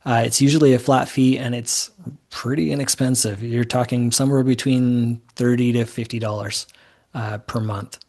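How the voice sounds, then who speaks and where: A man's voice: mid-range voice, fairly even intonation, moderate pace, a little mellow. Easygoing man explaining investing. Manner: easygoing, rambling explanations with fillers. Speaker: guest, mortgage note investor. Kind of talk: conversational podcast interview.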